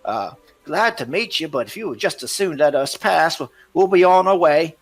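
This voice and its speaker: A man voicing a rough, scheming male river smuggler leader with a cocky, wheedling manner. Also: fairly high pitch, expressive, normal speed, pitched above the performer's own voice. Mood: evasive.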